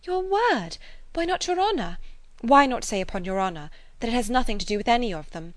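A woman voicing a spirited young gentlewoman who speaks insistently and pleadingly in a raised voice. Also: on the high side, sing-song, brisk, dry recording, pitched above the performer's own voice. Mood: alarmed.

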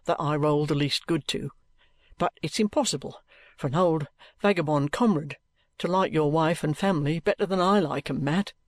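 A man's voice: fairly high pitch, no room sound, lightly acted. A man reading an audiobook, voicing a penitent old trooper who speaks in a subdued, apologetic way. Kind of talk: audiobook character voice.

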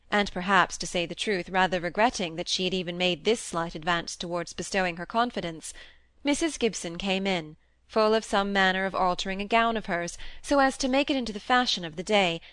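A woman narrating a classic novel in a measured, even storytelling manner. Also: mid-range voice, clean tone, no room sound. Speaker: audiobook reader. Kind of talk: scripted narration.

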